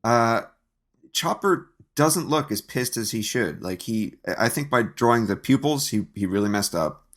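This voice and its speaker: A man on a podcast giving a measured, critical take on a comic panel in a casual way. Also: mid-range voice, animated, fairly bright tone.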